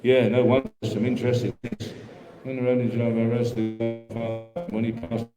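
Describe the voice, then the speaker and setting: A man calling a live auction, rattling off bids in quick rhythmic runs and chatting between lots. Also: mid-range voice, monotone, mellow, soft background music. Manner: rapid rhythmic bid calling with chatty asides. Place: auction hall. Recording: echoey hall with long reverb.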